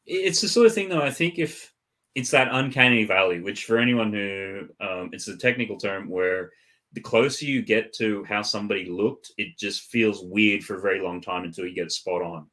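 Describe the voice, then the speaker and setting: A man on a casual live-stream chat, talking in a measured, explanatory way. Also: lowish voice, fairly bright tone.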